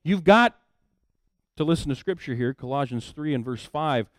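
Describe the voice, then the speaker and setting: Animated preacher with a dry close sound. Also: male voice, dry recording. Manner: casual storytelling, acts out characters in quick asides; swings between low murmurs and loud emphatic bursts. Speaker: pastor. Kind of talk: sermon.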